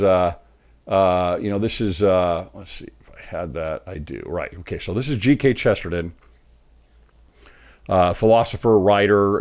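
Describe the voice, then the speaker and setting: A man giving earnest, emphatic commentary on a political speech clip, pausing it to preach his point. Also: fairly low pitch, darkish tone. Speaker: online commentator.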